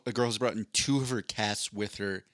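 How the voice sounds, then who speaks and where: A man's voice: lowish voice, fairly even intonation, brisk, fairly bright tone, no room sound, clean studio sound. A man co-hosting a casual podcast, joking around and slipping into silly voices when he quotes people. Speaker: podcast co-host.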